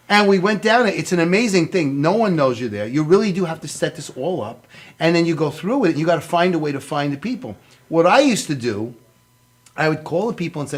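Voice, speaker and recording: A man's voice: fairly high pitch, lively intonation, fast. A man as a talk show guest, chatting casually and acting out quoted dialogue as he tells his story. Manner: chatty, laughs often, acts out quoted dialogue.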